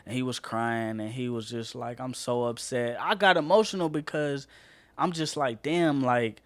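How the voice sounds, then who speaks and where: A man's voice: mid-range voice, animated, moderate pace, a bit bright, no room sound. A man co-hosting a casual podcast, ranting passionately and swearing a lot. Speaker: podcast co-host.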